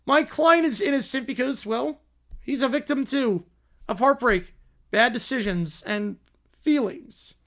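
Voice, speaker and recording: A man plays a flustered courtroom lawyer in a comedy sketch who cannot stop saying sorry. He stammers and restarts, nervous even when he tries to sound bold. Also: extremely high pitch, a little slow, heavily acted. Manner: nervous, stammering, apologizes constantly. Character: bumbling, endlessly apologetic male defense lawyer.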